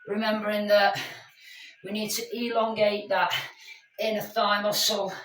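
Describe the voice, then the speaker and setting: Chatty fitness instructor, slow and echoey. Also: female voice, mid-range voice, little pitch movement, fairly bright tone, a little hiss or hum. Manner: chatty, encouraging, addresses class as guys. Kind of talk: live workout class instruction. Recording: echoey room, mic at a distance.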